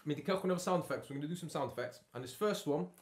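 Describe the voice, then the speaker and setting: A man's voice: a little high, rapid-fire. A man teaching a beatbox workshop from his home studio. He keeps checking in with his learners with "yeah?" and "okay?". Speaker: beatbox tutor.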